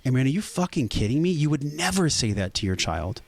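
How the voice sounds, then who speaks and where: A man's voice: medium pitch, sing-song, fairly quick, creaky, no room sound. A man speaking as a podcast guest, earnest and intense, swearing for emphasis in emotional conversation.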